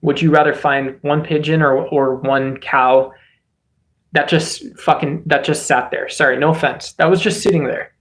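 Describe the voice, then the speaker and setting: A man from the United States rambles through casual political commentary, restarting his thoughts and piling on "um" and "like." His voice is fairly high for a man, and he keeps a loose, conversational flow as he answers his chat. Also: fairly even intonation, normal speed. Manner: rambling, many fillers and restarts. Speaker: streamer host.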